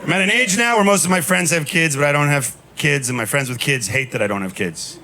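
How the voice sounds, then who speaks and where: A man in his thirties doing a stand-up comedy set on a club stage, telling stories in a deadpan way with punchy asides. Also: fairly high pitch, brisk. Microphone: handheld stage mic. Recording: live club recording with noise. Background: audience laughter.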